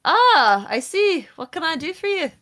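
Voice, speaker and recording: A woman's voice: fairly high pitch, big pitch swings, takes it slowly, a bit bright, heavily acted. A woman voicing a heavyset, long-bearded man in his fifties who runs a shop and has a biker air, in a put-on accent. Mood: welcoming. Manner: casual, gruff shopkeeper voice in an accent she calls wrong. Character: middle-aged burly bearded male shopkeeper, gruff biker type.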